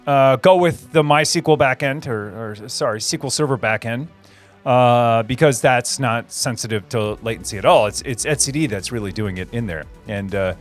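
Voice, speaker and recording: A livestream host with a mid-range voice chats casually with viewers at normal speed, rambling through answers with many fillers and repeated phrases. Faint music plays behind him.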